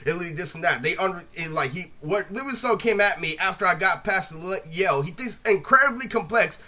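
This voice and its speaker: Fast, bright-voiced ranting man. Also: high-pitched, lively intonation. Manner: rambling, repeats "literally" constantly, blunt and profane. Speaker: vlogger retelling a feud. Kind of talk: ranting monologue.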